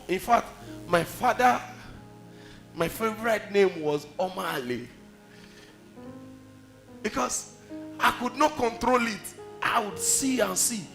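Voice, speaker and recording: A Nigerian-accented man preaches in a high, bright, forceful voice. He tells stories with emphasis and fires off rhetorical questions at the congregation. Faint music plays underneath. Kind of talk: sermon.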